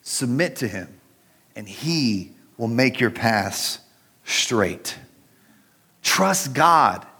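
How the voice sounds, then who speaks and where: A man's voice: medium pitch, animated, drawn-out words, pauses often, pushed and bright, husky. A middle-aged man preaching a sermon in a conversational way, telling a personal story and speaking straight to the congregation. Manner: conversational, personal storytelling, addresses listeners directly. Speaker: pastor.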